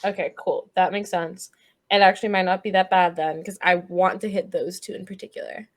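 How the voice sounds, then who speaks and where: A woman playing a tabletop game, blunt and profane, pausing over rules. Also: fairly low pitch, steady tone, dry recording. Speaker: player. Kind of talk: casual tabletop play.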